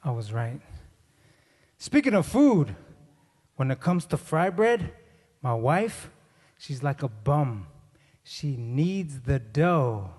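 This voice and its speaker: A man's voice: mid-range voice, takes it slowly, long pauses. A middle-aged man doing stand-up comedy, telling stories with energy and acting out both sides of each conversation. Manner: animated storytelling, acts out both sides of dialogues. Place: conference hall. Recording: live hall with long reverb.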